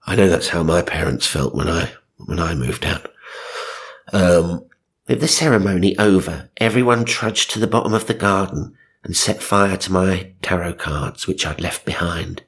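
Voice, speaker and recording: A deep, husky-voiced man reads tabloid ghost tales aloud. He keeps interrupting the text with dry, sarcastic comments. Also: normal speed, a bit bright. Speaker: narrator. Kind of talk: comic reading of magazine stories.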